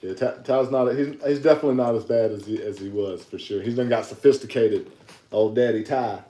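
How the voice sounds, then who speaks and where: A man from South Carolina, co-hosting a podcast, chatty and quick to laugh. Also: medium pitch, mellow. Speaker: podcast co-host. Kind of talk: casual chat. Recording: roomy echo.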